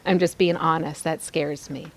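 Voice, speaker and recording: A woman's voice: low voice, steady tone, normal speed. A woman hosting a devotional podcast, teaching scripture in an earnest, exhorting way, repeating phrases for emphasis and adding candid, confiding asides.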